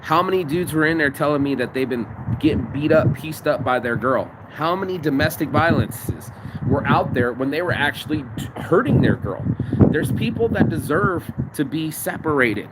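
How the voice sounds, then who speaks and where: A vlogger with a slightly high, animated voice rants and tells stories at a moderate pace, swearing heavily as he vents. He records himself on his phone outdoors in a city, and the noisy street recording picks up traffic and street noise.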